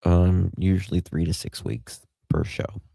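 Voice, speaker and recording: A Southern-accented man hosts a late-night livestream, chatting loosely with viewers and reading their comments aloud. His voice sits very low and gravelly, with a dark, mellow tone. He talks at an unhurried pace. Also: animated, no room sound. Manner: chatty, drawling, greets viewers by name. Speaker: livestream host.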